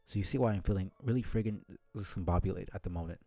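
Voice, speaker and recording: A man's voice: low voice, rapid-fire, warm tone, no echo. A man voicing a brash young male adventurer who blurts out old-fashioned exclamations. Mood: flustered.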